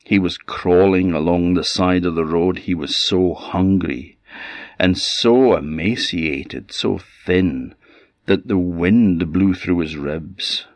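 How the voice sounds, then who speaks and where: Deep-voiced Orcadian storyteller. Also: male voice, dry recording. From Orkney, Scotland. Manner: unhurried, conversational with asides. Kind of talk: oral folktale storytelling. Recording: slightly dull dry audio.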